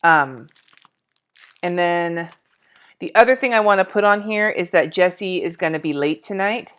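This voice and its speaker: A woman in her forties decorates a planner on a live stream, chatty and scattered as she talks to herself and her viewers, swearing casually. Her voice is on the low side, animated and fairly bright, at a measured pace.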